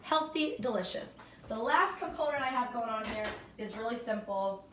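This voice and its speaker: A woman's voice: on the high side, expressive, normal speed, a bit bright, far from the mic, a little hiss or hum. Chatty young woman cooking, roomy sound. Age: young adult. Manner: chatty and upbeat, thinks aloud and corrects herself. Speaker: home cook hosting a cooking video. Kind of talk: casual cooking demonstration. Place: home kitchen. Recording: roomy kitchen sound from off-mic.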